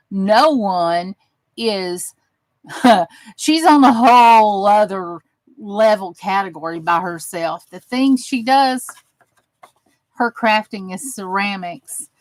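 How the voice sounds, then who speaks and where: Working on a craft for her channel's viewers, a Southern US woman talks casually in a medium-pitched voice, chatty and warm, with a drawl and folksy sayings. The recording is dry and the audio poor.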